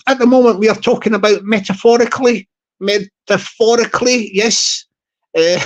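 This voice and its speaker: A man's voice: sits high, a bit bright. A man hosting a vlog, talking in a rambling, jokey comic monologue with lots of repetition. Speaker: channel host.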